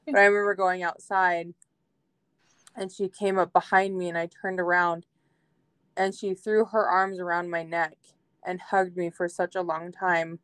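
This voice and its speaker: Heartfelt woman with a smooth voice. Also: on the low side, flat delivery, unhurried, fairly bright tone, no echo. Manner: emotional, heartfelt storytelling with many fillers. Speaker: podcast guest. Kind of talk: casual faith podcast chat.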